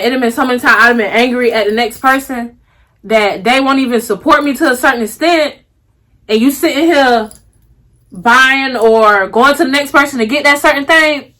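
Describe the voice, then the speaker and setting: Fairly high-pitched, bright, and forceful, the young vlogger talks to her viewers with sass and a drawl. She repeats things for emphasis, slows down on key points, and sprinkles in honey and baby throughout her casual monologue.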